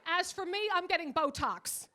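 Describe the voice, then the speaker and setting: An older woman doing a bawdy stand-up comedy set, brash and teasing, swinging between loud outbursts and quiet asides. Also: very high voice, animated, normal speed. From Irish. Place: comedy club stage.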